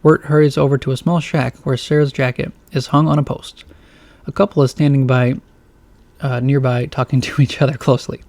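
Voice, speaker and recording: A man narrating a novelized storybook in a plain, steady reading voice. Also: mid-range voice, a little fast, no echo.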